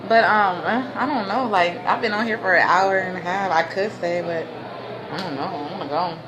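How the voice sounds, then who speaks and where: A woman's voice: on the low side, moderate pace. A woman hosting a casual livestream, talking in laid-back slang, laughing often and breaking into preachy bursts. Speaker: livestream host. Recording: noisy ambience behind.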